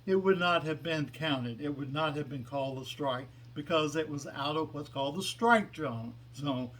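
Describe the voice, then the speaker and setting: A man's voice: a little high, normal speed, fairly bright tone. A man doing a patient, rambling baseball manager. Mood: explaining. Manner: explaining patiently, rambling with fillers. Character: patient middle-aged male baseball manager.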